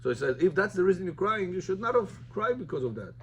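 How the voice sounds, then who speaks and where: A man's voice: sits high, big pitch swings, fast talker, slight background noise. A man, a rabbi, teaching a Talmud lesson informally, telling the story and mixing Hebrew terms into plain English.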